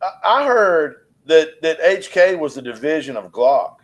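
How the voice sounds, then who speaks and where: A man in his fifties teases and jokes his way through a casual podcast chat. His voice sits a little high and swings up and down with lively pitch. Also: a little slow. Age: 50s. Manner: teasing, jumps up and down in pitch. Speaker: podcast co-host. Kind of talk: casual profane banter.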